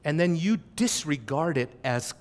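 A middle-aged male preacher delivering an expository sermon, moving from quiet reflection to loud, emphatic exhortation. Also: on the high side, lively intonation, measured pace.

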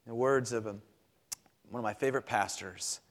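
A man's voice: mid-range voice, a little fast, in a large hall. Guy preaching a sermon, chatty style, keeps repeating words for emphasis, normal mid voice. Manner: conversational, emphatic repetition. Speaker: pastor.

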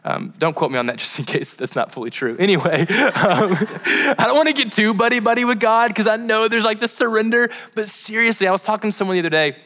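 Chatty bright-voiced young preacher man. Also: mid-range voice. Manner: chatty and rambling, full of fillers and tangents. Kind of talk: casual sermon to a live crowd.

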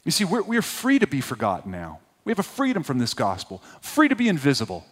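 A man preaching a sermon as a pastor, swinging between loud emphatic peaks and hushed, low passages. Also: wildly swooping pitch, fast talker, slightly rough. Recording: long hall reverb.

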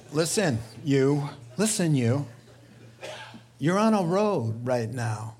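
Animated male pastor, higher voice. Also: slow pace. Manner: animated storytelling with voiced quotes and laughter. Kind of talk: sermon.

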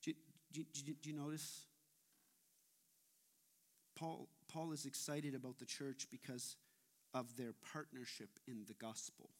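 A man preaching a sermon as pastor, talking in an animated way and often repeating his words as he goes. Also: mid-range voice, moderate pace, pauses often.

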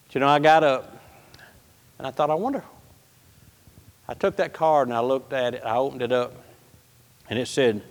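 A man preaching a sermon through a personal story, folksy and animated, moving between loud outbursts and hushed lines. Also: fairly high pitch, moderate pace, pauses often, smooth. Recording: hall reverb.

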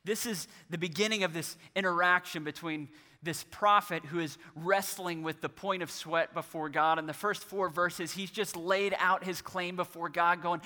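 A fairly high, bright and forceful male voice delivers an earnest sermon, stacking repeated phrases to build emphasis. His words ring out with the long reverb of a large hall. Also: fairly even intonation, normal speed, few pauses. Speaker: pastor.

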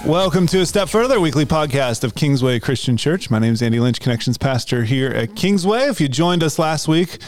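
A man, a pastor, hosting a church podcast in a relaxed, talkative way. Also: a little high, fairly quick, few pauses, soft background music. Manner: relaxed, talkative, with frequent restarts. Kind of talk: casual chat.

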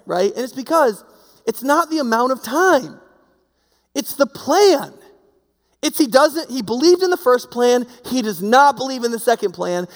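High, gravelly-voiced preacher in a big hall. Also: male voice. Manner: conversational, full of fillers and rhetorical questions. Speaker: pastor. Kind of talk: sermon.

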